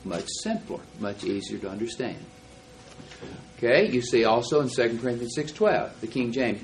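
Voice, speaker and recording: A man teaching a Bible class, explaining verses and reading them out slowly and deliberately. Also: medium pitch, expressive, a little hiss or hum, low-quality recording.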